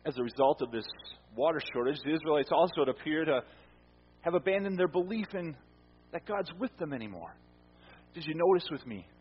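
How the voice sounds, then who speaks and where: This pastor's fairly high, husky voice moves briskly with lively intonation. He preaches conversationally, asking the congregation questions and repeating words, and the sound is muffled by a reverberant hall.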